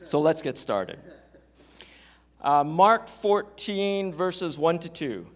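A man's voice: on the high side, very animated, slow. A man preaching as a pastor, reading scripture and explaining it in a conversational teaching manner. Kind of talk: sermon, Bible teaching.

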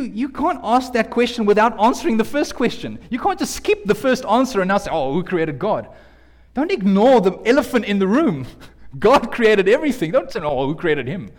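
A man preaching a lively, joking sermon, talking straight to his congregation in a church hall. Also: sits high. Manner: lively, jokey, talks directly to the audience. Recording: long hall reverb.

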